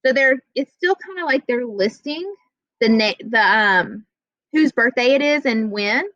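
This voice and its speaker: A woman teaching a classroom grammar lesson, plainly explaining rules and slowly reading out example sentences. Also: a little high, lively intonation, fairly bright tone, no echo, lo-fi sound.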